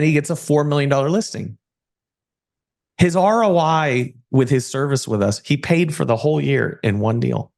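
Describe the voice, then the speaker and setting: A man giving a motivational talk and sales pitch about personal branding, with punchy rhetorical questions. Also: moderate pace, vocal fry, a little mellow. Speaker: personal branding agency owner. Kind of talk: live presentation pitch.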